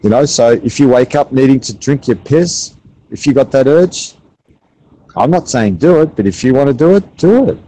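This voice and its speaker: Blunt crude man, mellow voice. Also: mid-range voice, expressive, normal speed, low-quality recording. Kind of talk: casual chat.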